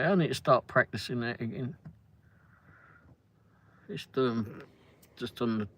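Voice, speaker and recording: A man's voice: medium pitch, fairly bright tone. An older man hosting a livestream, chatting casually in a rambling way while reading viewer comments, often laughing. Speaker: livestream host.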